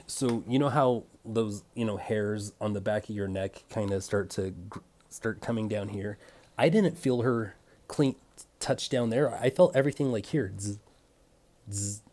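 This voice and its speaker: A man's voice: lowish voice, fairly even intonation, a little slow, darkish tone. A young man telling an irritated story about a bad haircut, imitating clipper buzzing as he goes. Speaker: vlogger. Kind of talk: casual rant.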